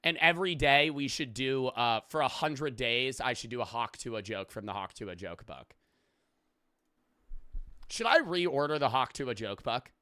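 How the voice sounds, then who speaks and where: A young man talks to his stream chat in a loose, rambling way, cracking jokes and swearing without a second thought. His voice is bright and ringing, and it swings widely up and down. The sound is close and dry. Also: mid-range voice, animated, measured pace, dry recording. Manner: rambling, joking, swears freely, thanks chat for subs. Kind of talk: casual live-stream reaction chat.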